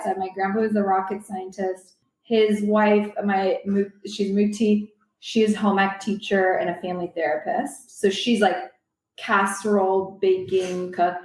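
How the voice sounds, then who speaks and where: Young woman guest, chatty and animated, from Silicon Valley; recorded with an echo. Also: medium pitch. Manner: animated, rambling, quotes people in voices. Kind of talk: casual storytelling chat. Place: convention venue. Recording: roomy echo.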